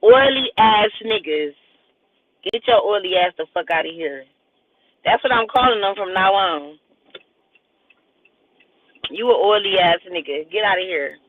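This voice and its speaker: A man's voice: sits high, animated, a little slow, long pauses. A man hosting a casual livestream, rambling and joking with frequent laughter. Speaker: livestream host. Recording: tinny phone-like audio with faint hiss.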